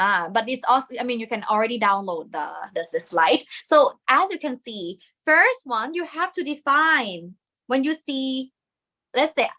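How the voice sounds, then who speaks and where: A woman's voice: fairly high pitch, bright, forceful tone. A woman with a Thai accent teaching a language lesson, patiently repeating sounds for learners to copy.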